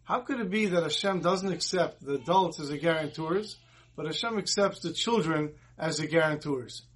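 Male rabbi, higher husky voice, earnest sermon with storytelling. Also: normal speed. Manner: earnest, retells dialogue in the story. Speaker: rabbi giving a Torah talk.

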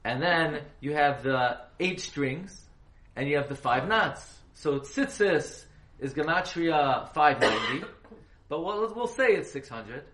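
A man's voice: on the high side, lively intonation, slow, fairly bright tone. Guy teaching a torah class, quizzes students, spells stuff out, roomy echo. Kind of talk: halacha class lecture. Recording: echoey room, faint hiss.

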